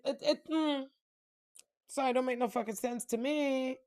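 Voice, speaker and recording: A woman's voice: high-pitched, fairly even intonation, moderate pace, darkish tone. A woman spiritual reader ranting to camera in a blunt, profane, heated way. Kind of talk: unscripted rant to camera.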